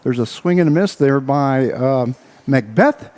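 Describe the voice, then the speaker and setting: A man calling a local baseball game as play-by-play announcer, out of breath and talking in halting bursts full of uhs. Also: medium pitch, animated, a little mellow. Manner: halting, filler-heavy play-by-play with frequent uhs. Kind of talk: baseball radio commentary.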